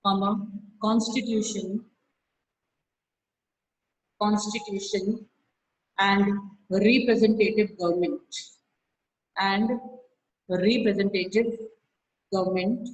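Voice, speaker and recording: A woman's voice: mid-range voice, fairly even intonation, slow pace, long pauses, low-quality recording. A woman teacher dictates notes to an online class over a video call. She repeats each phrase and calls out the punctuation, then sharply scolds students by name.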